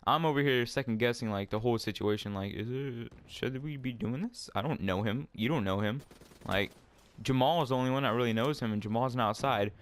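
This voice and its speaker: A young man, a storyteller vlogger, tells a rambling story at home while playing a game, packing it with fillers and swearing. His voice is smooth and medium-pitched, and he talks a little fast.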